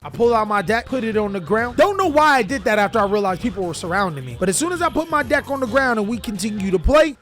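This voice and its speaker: A man telling a comedic childhood story in an animated, slangy way, talking straight to viewers. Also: high-pitched, fast, few pauses, noisy background. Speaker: YouTuber storyteller.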